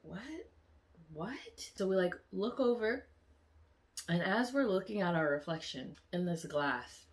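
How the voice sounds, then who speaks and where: A woman vlogger telling a story casually and animatedly, with many fillers, rising loud and high when excited. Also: a little slow.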